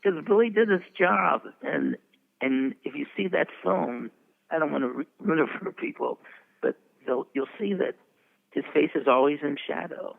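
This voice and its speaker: A man's voice: fairly high pitch, lively intonation, moderate pace, gravelly. A man in his eighties, a veteran publicist, telling rambling anecdotes with frequent chuckles in an interview. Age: 80s. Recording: tinny phone-like line.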